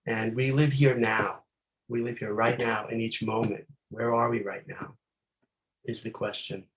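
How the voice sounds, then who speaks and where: A man leading a meditation talk, reflective and unhurried, posing many gentle questions with pauses between them. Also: on the low side, little pitch movement, rough recording. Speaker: meditation teacher.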